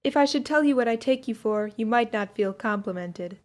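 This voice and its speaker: A woman voicing a bold, quick-tempered young woman who passes as a young man, speaking in an emphatic, determined way. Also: a little high, expressive, darkish tone, lightly acted. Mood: firm, sarcastic.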